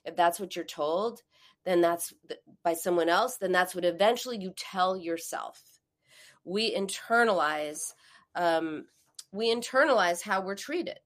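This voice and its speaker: Animated woman podcast host. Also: on the low side. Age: adult, a parent. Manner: animated storytelling, acts out quoted voices. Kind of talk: conversational podcast advice.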